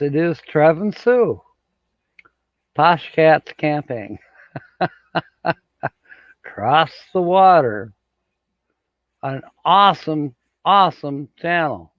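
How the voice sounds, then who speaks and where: Slow, chuckling man hosting a livestream. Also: mid-range voice, no room sound, lo-fi sound. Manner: chuckling often, slow and rambling. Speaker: livestream host. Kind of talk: casual livestream chat reading viewer comments. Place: home studio with green screen.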